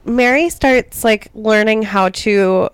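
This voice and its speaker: A woman's voice: a little high, slow pace, clear, resonant tone, no echo. A woman co-hosting a comedy podcast, telling a history story in casual chat, full of "like" and "um". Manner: chatty storytelling with lots of "like" and "um". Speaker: podcast co-host.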